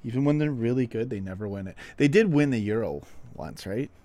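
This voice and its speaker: Man, from Canada, football live-stream host, casual chat, self-mocking, mid pitch. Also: animated, brisk, warm tone. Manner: chatty, self-mocking, reads chat aloud. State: out of breath. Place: home room, window open.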